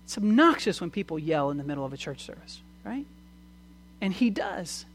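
A preacher giving a sermon, asking the listeners questions and moving between loud proclamation and quiet, conversational asides. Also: medium pitch, sing-song, quick pace. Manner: asks the audience many questions.

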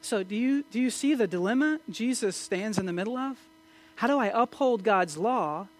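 A man preaching a sermon, swinging from loud emphatic questions to low, quiet asides. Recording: mains hum in the background.

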